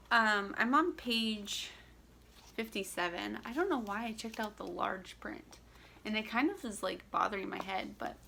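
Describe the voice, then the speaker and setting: A woman's voice: mid-range voice, creaky, bright, forceful tone, slight background noise. A young woman from Central Florida chatting casually to her camera, rambling with lots of fillers and restarts. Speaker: vlogger. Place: home in Florida.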